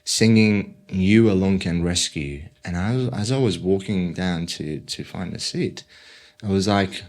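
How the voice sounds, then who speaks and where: Young man from Iran, lowish voice, halting testimony with restarts, podcast guest. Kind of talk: personal testimony storytelling.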